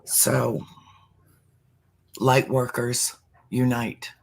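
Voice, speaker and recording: A middle-aged man talking through a heartfelt spiritual conversation, slow and deliberate, sometimes sinking to a near-whisper for emphasis. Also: medium pitch, completely flat delivery, gravelly.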